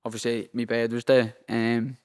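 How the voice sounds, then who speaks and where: A man's voice: mid-range voice, little pitch movement, normal speed, clear, resonant tone. A young man with a Liverpool accent, a professional boxer chatting as a guest in a rambling, sweary way and saying "lad" constantly. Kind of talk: casual interview chat. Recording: long hall reverb.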